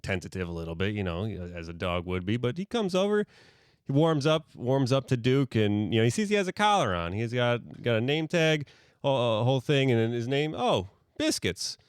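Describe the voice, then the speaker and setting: A male podcast host making up a silly story as he goes, piling on fillers and restarts in a playful, rambling way. His voice is smooth and clear at an ordinary middle pitch. He sounds close to the mic in a dry room. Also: sing-song, moderate pace, dry recording. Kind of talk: improvised comic storytelling.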